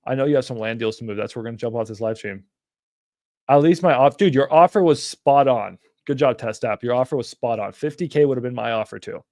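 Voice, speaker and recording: A man's voice: medium pitch, fast, darkish tone, dry recording, studio quality. A young man hosting a casual livestream, talking bluntly and animatedly, with frequent swearing. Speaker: livestream host.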